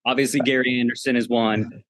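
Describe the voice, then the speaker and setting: A man's voice: medium pitch, fairly even intonation, a little fast, slight background noise. A man co-hosting a fan podcast, talking chattily with many fillers. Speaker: podcast co-host. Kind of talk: casual podcast chat.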